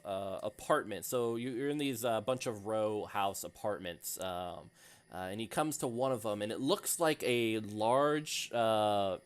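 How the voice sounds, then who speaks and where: A man narrating as game master in a relaxed, easygoing way, full of ums and uhs. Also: on the low side, clean tone. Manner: relaxed, many fillers, laughs often.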